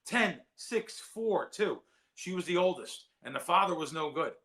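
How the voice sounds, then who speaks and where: Gravelly, bright-voiced man rambling on a show. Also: sits high, lively intonation, a little slow. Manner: rambling, heartfelt, repeats words. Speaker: sports betting analyst. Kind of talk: casual chat.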